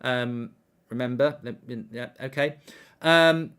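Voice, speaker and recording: A man's voice: medium pitch, slow pace, clear, resonant tone. A man hosting a live football watchalong, reading out viewer comments and ranting indignantly about refereeing calls. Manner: animated, indignant rants, reads viewer comments aloud.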